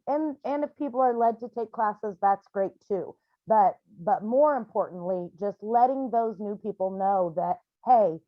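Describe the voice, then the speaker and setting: A woman's voice: medium pitch, no room sound, muffled recording. A woman leading a healing group on a video call, talking in a candid, chatty way with frequent ums and restarts. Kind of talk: casual talk on a video call.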